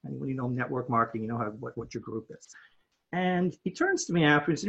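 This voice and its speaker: A man with a slightly husky voice tells a story in conversation, his pitch leaping up and down as he acts out what others said. He repeats himself when he gets worked up. The recording sounds dull and lo-fi. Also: quick pace. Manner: animated, acts out quoted dialogue, repeats words when excited. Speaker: guest.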